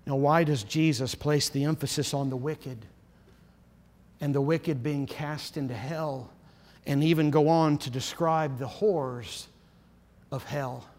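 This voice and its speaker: A man preaching a sermon as pastor, earnest and insistent, often dropping to a low, solemn emphasis. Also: steady tone, a little slow, a little mellow, big-room sound.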